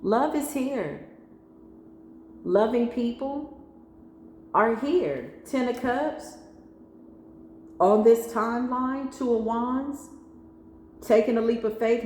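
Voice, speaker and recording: A woman's voice: on the high side, a little mellow, slight background noise. A woman with a mixed Spanglish accent giving a spiritual tarot reading, emphatic and slangy, talking straight to her viewers. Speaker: tarot reader. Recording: echoey room with faint ambience.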